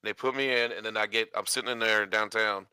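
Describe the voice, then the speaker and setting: A man telling a long personal story in casual chat, animated and acting out the quotes with laughs. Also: fairly low pitch, quick pace, clean tone, no echo.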